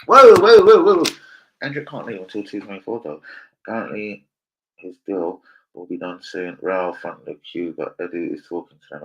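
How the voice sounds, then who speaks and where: Young man, brash, swears a lot, jokey livestream football chat, loud one moment and muttering the next. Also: sits low, slight background noise, low-quality recording. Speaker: livestream host. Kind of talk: casual live football chat with freestyle rap.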